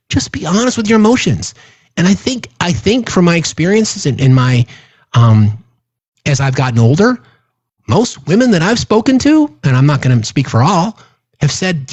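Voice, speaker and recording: In a dry recording, a middle-aged man running a livestream chats casually with his viewers, earnest and passionate, frequently cursing for emphasis. His voice is a little high, very animated, fairly quick, a little mellow and husky.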